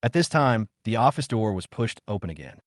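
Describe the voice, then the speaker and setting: A man narrating a first-person story recap in a calm, steady storytelling manner. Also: on the low side, brisk, dry recording, studio quality.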